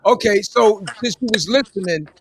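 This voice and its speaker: A man's voice: high-pitched, moderate pace, slight background noise. A man hosting a casual podcast chat, laid-back, with short replies to his guests. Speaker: podcast host.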